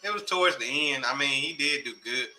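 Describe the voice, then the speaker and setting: A man's voice: mid-range voice, fairly quick, a crowd in the background, low-quality recording. A laid-back man co-hosting a sports picks show, using slang and reading off game stats. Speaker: co-host. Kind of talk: casual sports chat.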